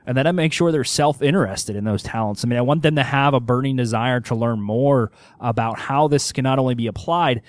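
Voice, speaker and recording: A man's voice: medium pitch, brisk, few pauses, dry recording. A man from Pennsylvania hosting an interview podcast, upbeat and enthusiastic. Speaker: podcast host.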